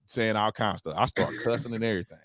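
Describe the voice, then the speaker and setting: A man hosting a casual podcast chat, telling animated stories and acting out quotes loudly. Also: lowish voice, quick pace, crowd noise. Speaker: podcast host.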